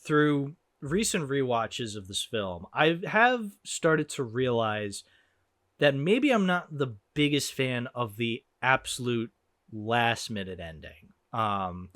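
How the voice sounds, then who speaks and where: A young man hosting a casual movie podcast, animated and swearing a bit, acting out lines as he goes. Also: mid-range voice, slow pace, dry recording, clean studio sound. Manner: animated, swearing, acts out quotes. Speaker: podcast host. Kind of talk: casual movie review chat.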